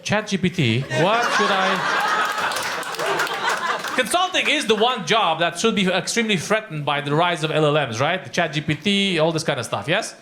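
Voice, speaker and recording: High lively male comic with crowd. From Romania. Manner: teasing, rambling, quick asides. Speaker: stand-up comedian. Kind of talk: live crowd work. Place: comedy club with audience. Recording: loud crowd and background noise. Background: audience laughter.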